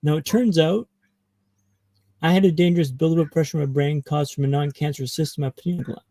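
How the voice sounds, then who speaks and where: A man from Canada, a podcast guest, telling his own story with dramatic pauses. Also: a little high, fairly even intonation, dark tone, no echo, low-quality recording. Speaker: guest speaker.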